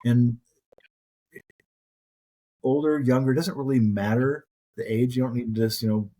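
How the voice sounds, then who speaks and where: A man's voice: medium pitch, steady tone, a little slow, mellow, low-quality recording. A middle-aged man, a guest on a podcast, telling career stories in an earnest, anecdotal way during a casual interview. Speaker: podcast guest, mortgage professional.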